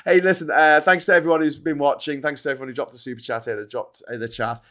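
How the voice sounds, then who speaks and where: A man hosting a relaxed chat show, bantering and laughing with his guests. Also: on the high side. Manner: chatty, laughing, quick asides. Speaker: host.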